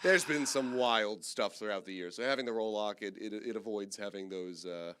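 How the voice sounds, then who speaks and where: A man casting a live esports show match in a lively, jokey way, now and then mimicking a whiny viewer. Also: fairly low pitch, moderate pace, clear, resonant tone, no echo. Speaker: esports caster.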